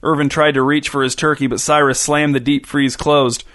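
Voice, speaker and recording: A man reads a short story aloud in a voice pitched a little above the usual male range. He narrates steadily and gives the characters' lines a light touch. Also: flat delivery, moderate pace, a bit bright.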